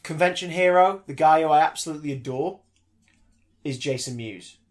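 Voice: medium pitch, normal speed. A podcast host, telling anecdotes in casual chat, acting out the voices of people in the story and using lots of fillers. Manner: lively storyteller, acts out quoted voices, many fillers.

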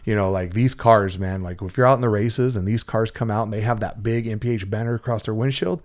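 A man's voice: fairly low pitch, steady tone, a little fast. A middle-aged man from Central California telling a story in casual chat, rambling and profane, with lots of fillers and restarts.

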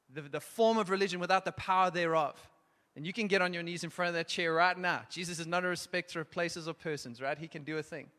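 A man preaching and calling people forward, urgent and emphatic at times, then hushed and gentle. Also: a little high. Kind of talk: sermon with altar call. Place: church hall. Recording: long reverb of a large hall.

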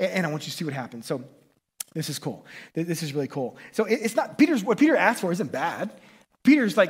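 Husky-voiced pastor, chatty and excitable. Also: male voice, fairly high pitch, brisk. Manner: conversational, excitable, frequent restarts and "right?" tags. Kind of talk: sermon.

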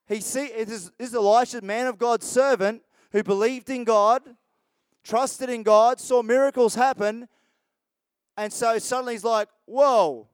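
Man, pastor, chatty rambling sermon, high voice, smooth, dry sound. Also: dry recording. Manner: conversational, rambling with restarts and asides.

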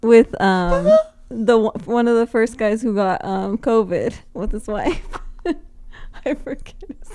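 A woman's voice: fairly high pitch, slow, mellow, slight background noise. A woman co-hosting a casual podcast, giggly and often losing her train of thought. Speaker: podcast co-host. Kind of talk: casual chat.

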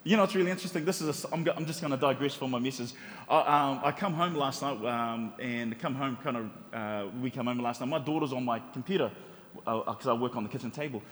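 A man's voice: medium pitch, fast, big-room sound. A middle-aged man preaching a sermon in a church, telling stories with humor and rhetorical questions. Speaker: pastor.

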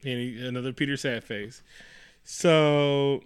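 A man co-hosting a casual movie recap, profane and animated, slipping into mocking quoted voices. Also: medium pitch, measured pace, clean tone. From New York. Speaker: podcast co-host.

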